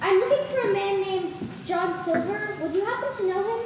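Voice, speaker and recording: A woman's voice: extremely high pitch, brisk. A young woman playing an earnest, polite young cabin boy in a school stage play. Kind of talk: high school stage acting. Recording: echoey hall, loud noise.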